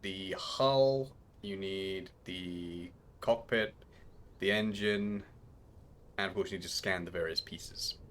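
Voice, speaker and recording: A man's voice: low-pitched, slow pace, fairly bright tone. A man streaming a frustrating game live, chatting with viewers and groaning at failures, out of breath. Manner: exasperated, talks to chat between groans and yelps.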